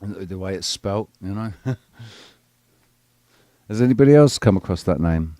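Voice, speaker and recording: Low-voiced male host, crude and rambling, dry mic. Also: lively intonation, normal speed, mellow, no echo. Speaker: live show host. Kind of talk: casual live panel chat.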